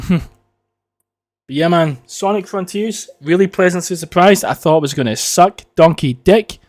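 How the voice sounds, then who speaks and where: A man rambling through a casual solo podcast, swearing freely and ranting with a joking edge. His voice sits a little higher than most men's. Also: measured pace. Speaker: podcast host.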